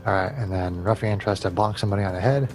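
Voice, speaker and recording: A man's voice: fairly low pitch, fast talker, over music. A man running a tabletop game as game master over a video call, calling out hits and damage and often chuckling. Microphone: video call headset or desk mic.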